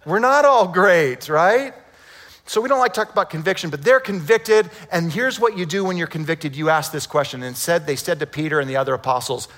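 Animated male pastor in reverberant hall. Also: fairly high pitch, fairly quick. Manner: animated, conversational, rhetorical questions. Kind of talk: sermon.

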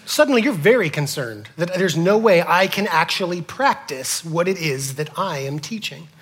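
A man preaching a sermon to his congregation, asking them questions and swinging from loud to whispered. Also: a little high, lively intonation, normal speed, breathy edge. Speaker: pastor.

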